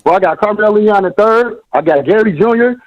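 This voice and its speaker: A man's voice: high-pitched, lively intonation, brisk, no echo, dull audio. A male caller on a boxing podcast arguing heatedly and calling people "bro". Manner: argumentative, repeats "bro". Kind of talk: heated podcast call-in debate.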